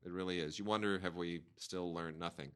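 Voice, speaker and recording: A man's voice: sits low, steady tone, brisk, fairly bright tone, smooth. A man co-hosting a podcast, talking casually about documentaries with lots of fillers and restarts. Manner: rambling, many fillers and restarts. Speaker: podcast co-host reviewing home video releases.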